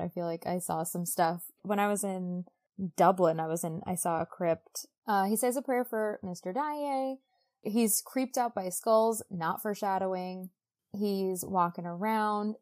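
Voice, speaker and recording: A woman co-hosting a casual book podcast, retelling a novel scene by scene. She keeps slipping into quick, playful quotes for the characters, with plenty of "like" and "you know" along the way. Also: mid-range voice, a little mellow. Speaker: podcast co-host. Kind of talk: casual book-club chat.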